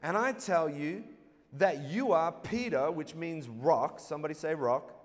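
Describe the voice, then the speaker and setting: A man's voice: a little high, unhurried. A man preaching a sermon as a guest pastor, playful and drawing call-and-response from the congregation. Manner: playful, gets the crowd to call back. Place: church auditorium. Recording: long reverb of a large hall.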